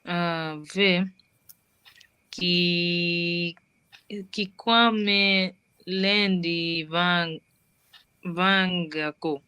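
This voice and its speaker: A language student sounding out phrases haltingly, piece by piece. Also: medium pitch, steady tone, bright, forceful tone, smooth. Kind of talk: practicing phrases in class.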